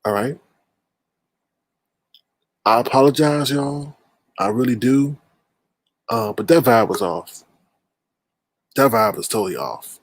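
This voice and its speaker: A man's voice: mid-range voice, animated, slow pace, pauses often, no room sound. A man hosting a livestream panel in casual chat, exasperated and laughing as he scolds the guests. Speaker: panel host.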